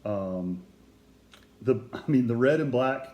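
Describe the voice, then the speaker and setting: A man telling autograph stories in casual chat, lively and eager as he describes each piece. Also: mid-range voice, takes it slowly, echoey room, muffled recording. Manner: animated storyteller who acts out quotes. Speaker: guest collector telling an autograph story.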